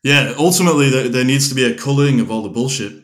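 A man hosting a podcast, with a voice pitched in the middle range. He talks things over bluntly and thoughtfully and throws in the odd swear word. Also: fast, fairly bright tone. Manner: blunt, reflective, occasional swearing. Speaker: podcast host, coach. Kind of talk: casual podcast conversation.

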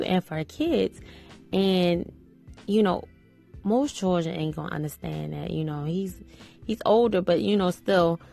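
Low gravelly woman chatting casually. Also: darkish tone. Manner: chatty, many "you know" fillers. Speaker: podcast host. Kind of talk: casual commentary on a reality show.

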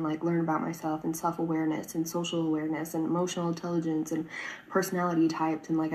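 In her personal vlog, a woman in her twenties rambles earnestly to the camera, saying "like" and "right?" a lot. Her voice is low and a little mellow, and the recording quality is low.

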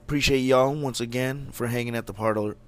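Chill young guy from california, slangy and cussing, mid-pitched voice, just chatting on his podcast. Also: fairly even intonation, fairly quick. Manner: laid-back, slangy, profane. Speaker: podcast host. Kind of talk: casual solo podcast chat.

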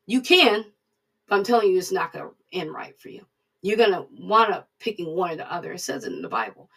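Gravelly, husky preacher, off-mic. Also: mid-range voice, sing-song, a little fast, a bit bright, recorded from a distance. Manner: conversational, repeats points for emphasis. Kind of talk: casual devotional teaching.

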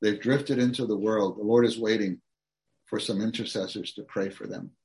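A man's voice: lowish voice, fairly even intonation, moderate pace, a little mellow. A man preaching a sermon, reading outline points aloud and then expounding earnestly to the congregation.

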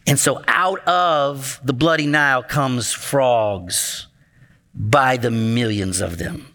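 A man preaching as a pastor, telling a Bible story with lively acted-out lines and speaking directly to the children in the congregation. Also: mid-range voice, slow. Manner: animated, acts out the story voices, talks to the children. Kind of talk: sermon storytelling.

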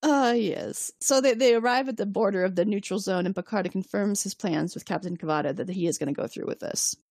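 A woman's voice: mid-range voice, brisk, no echo. Chatty woman recapping with a dry close sound. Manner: animated storyteller, acts out characters' lines, swears casually. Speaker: podcast co-host. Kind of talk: casual recap chat.

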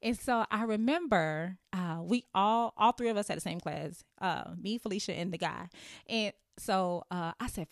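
A woman's voice: mid-range voice, normal speed, no echo, studio quality. A woman in her thirties hosting a podcast, telling her own story in a candid, playful way and laughing often. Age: 30s. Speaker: podcast host. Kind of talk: casual storytelling monologue.

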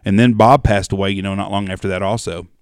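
A man's voice: low voice, fairly even intonation, quick pace, smooth, dry recording, clean studio sound. Folksy male podcast host. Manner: folksy, asks leading questions. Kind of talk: casual interview chat.

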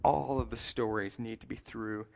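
Guy preaching a sermon, chatty and easygoing, fixes himself mid-sentence a lot, slows way down for the bible bits. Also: lowish voice, fairly even intonation, gravelly, a little hiss or hum. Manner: conversational preaching with self-corrections and light humor; reads scripture passages slowly and deliberately. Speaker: pastor.

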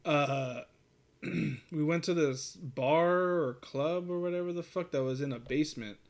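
A man's voice: on the high side, a little slow. A man casually telling a long, profane story, rambling with laughs and restarts. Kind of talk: casual chat.

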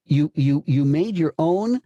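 A man's voice: a little high, animated, unhurried, warm tone, no room sound, lo-fi sound. A man coaching voice actors, talking emphatically and often repeating and restarting his phrases. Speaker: voice acting coach. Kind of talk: coaching session.

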